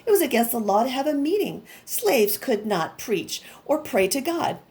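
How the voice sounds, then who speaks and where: A woman voicing a kind, steady old woman who guides children as a train conductor, speaking calmly and instructively. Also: high-pitched, moderate pace.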